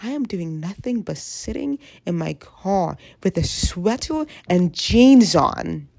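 A woman's voice: lowish voice, expressive, takes it slowly, creaky, a little mellow. A woman of twenty with a stuffy head cold, ranting candidly and bluntly to camera, swearing freely as she rambles. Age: 20s. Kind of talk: candid vlog rant.

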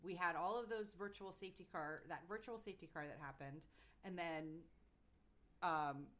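A woman's voice: on the low side, normal speed, fairly bright tone. A woman co-hosting a podcast, recapping events in casual chat with fillers and playful mock quotes. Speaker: podcast co-host.

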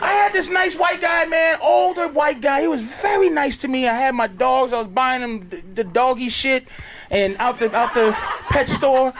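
A man doing a stand-up routine, ranting loudly and swearing, played from a live club recording. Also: very high-pitched, normal speed. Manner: loud, ranting, swearing delivery. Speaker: stand-up comedian. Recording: live club clip with loud crowd laughter and noise. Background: audience laughing.

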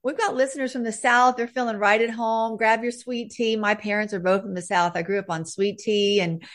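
A woman's voice: fairly high pitch, fairly even intonation, a little fast. Enthusiastic woman podcast host. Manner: enthusiastic, effusive. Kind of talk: faith podcast interview.

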